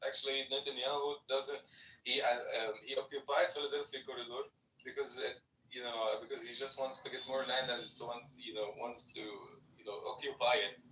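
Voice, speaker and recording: A man's voice: mid-range voice, level tone, normal speed, pushed and bright, a little hiss or hum. A man with an Arabic accent in a group political discussion, insistent and explaining at length. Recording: roomy sound from a distant mic.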